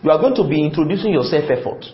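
Animated man preaching a sermon. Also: on the high side, racing. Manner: call-and-response, asks the congregation questions; emphatic, repeats phrases. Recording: echoey, slightly muffled, faint room noise.

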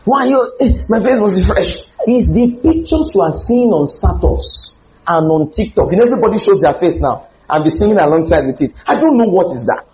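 A man preaching a humorous, animated sermon with sudden loud outbursts. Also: sits high, brisk, echoey room, highs cut off, slight background noise.

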